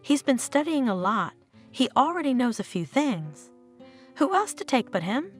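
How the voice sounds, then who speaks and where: A woman voicing a hopeful middle-aged father, speaking in a deliberately cheerful way. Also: high-pitched, very animated, soft background music, pitched above the performer's own voice.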